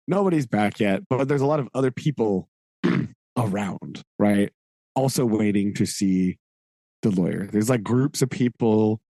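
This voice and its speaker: A man's voice: lowish voice, dark tone, no room sound. A man co-hosting a podcast, casually recapping a book with lots of fillers and frequent laughs. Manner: rambling, laughs often, many "like" fillers. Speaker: podcast co-host.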